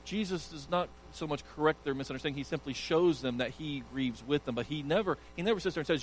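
A man's voice: fairly high pitch, fast talker, hardly any pauses, slight background noise, rough recording. A male pastor preaching an earnest sermon, emphatic and sometimes stumbling over restarts.

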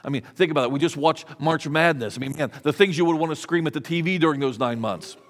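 Slightly high-voiced preaching man. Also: quick pace, big-room sound. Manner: conversational preaching with repeated restarts and rhetorical questions. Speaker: pastor. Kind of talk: sermon.

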